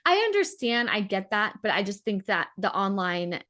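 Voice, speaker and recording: A woman's voice: mid-range voice, sing-song, normal speed, sharp tone. A woman in a mid-range voice talks casually through a reality-show recap. She leans on fillers and pushes her points with emphasis. The delivery is conversational and a little meandering. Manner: emphatic, lots of "like", defends players. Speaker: podcast co-host.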